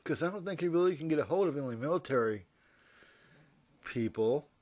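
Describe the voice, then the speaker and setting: A man's voice: fairly high pitch, expressive, a little fast, a little mellow, no echo. A man rambling through a comedic monologue, interrupting and correcting himself as he goes. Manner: rambling, hypothetical, self-interrupting. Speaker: vlogger.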